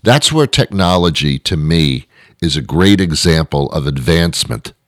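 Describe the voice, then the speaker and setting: A middle-aged man with a strikingly deep, low voice wanders through a comic monologue as a show host. He drops dry, deadpan asides as he rambles from one thought to the next, and the sound is close and dry with no room around it. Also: normal speed, no echo. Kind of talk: comedic monologue.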